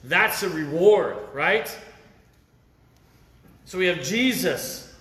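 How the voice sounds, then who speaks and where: A man's voice: high-pitched, animated, takes it slowly, long pauses, fairly bright tone, reverberant. A middle-aged man preaching a sermon at a camp meeting, telling personal stories in a conversational way and often asking "right?". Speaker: lay preacher.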